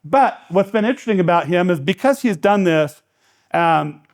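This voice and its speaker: High-voiced man telling jokey stories. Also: animated, moderate pace. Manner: joking storyteller, lots of restarts and fillers. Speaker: economic development director. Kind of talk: casual seminar talk. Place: lecture room.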